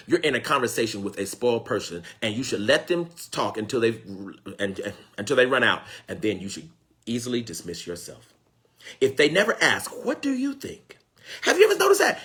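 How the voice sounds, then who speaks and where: A man's voice: mid-range voice, bright, forceful tone, husky. A man teaching in a fervent sermon style, calling out to his listeners, repeating phrases for emphasis and pleading to God. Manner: preacherly call-and-response, exclaiming and pleading to God. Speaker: spiritual teacher.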